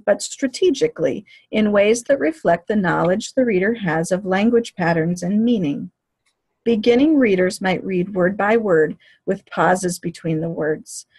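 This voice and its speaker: A woman lectures to teachers in a steady, measured, explanatory manner. Her voice sits in a middle register with a slightly husky edge. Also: medium pitch. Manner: clear, measured explanatory delivery. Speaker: teacher educator. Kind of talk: lecture on reading fluency.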